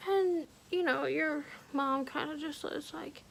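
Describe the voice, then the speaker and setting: Woman vlogger, high gravelly voice, hushed halting storytelling with lots of "like". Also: a little hiss or hum. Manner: hushed, often slipping into a whisper; halting, heavy use of "like". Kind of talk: personal storytelling.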